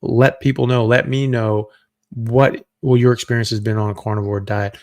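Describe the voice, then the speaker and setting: A man's voice: mid-range voice, little pitch movement, moderate pace, darkish tone, no room sound. A middle-aged man, a doctor hosting a live Q&A, answering viewer questions in a loose, conversational way as he thinks aloud.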